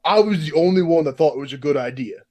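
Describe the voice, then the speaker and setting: A man's voice: fairly high pitch, lively intonation, quick pace, a little mellow. Rambling man recapping a game. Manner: rambling, casual, full of "like". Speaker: player. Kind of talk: in-character recap of a tabletop game.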